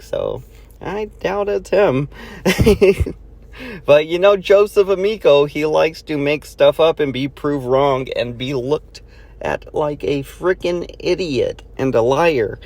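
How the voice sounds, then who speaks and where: A man's voice: medium pitch, a little mellow. A man speaking straight to viewers in a mocking, threatening tone. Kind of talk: monologue addressing viewers.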